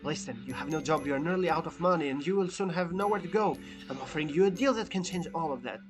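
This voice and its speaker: A man's voice: on the high side, quick pace, music in the background, natural voice. A man reading a text game aloud, voicing a pushy male fairy who offers deals in a matter-of-fact, persuasive way.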